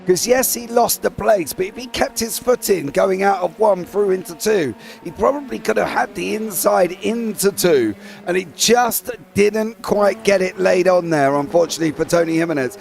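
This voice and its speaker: A man's voice: sits high, normal speed, vocal fry, hardly any pauses, faint music behind. A man giving casual, rambling color commentary on an online sim race.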